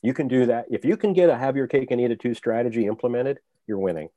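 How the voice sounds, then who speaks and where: A man's voice: medium pitch, quick pace, dark tone, dry recording, highs cut off. A male author talking as a guest, reflective and explaining his thinking with examples. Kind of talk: conversational interview.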